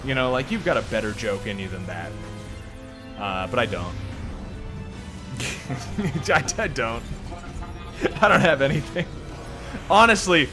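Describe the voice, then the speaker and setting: Over music, a man streams gameplay with loose live commentary, rambling, joking and swearing as his throat sounds sore and strained. His medium-pitched voice swings widely in pitch, moves a little slowly and pauses often. He runs himself down and laughs a lot.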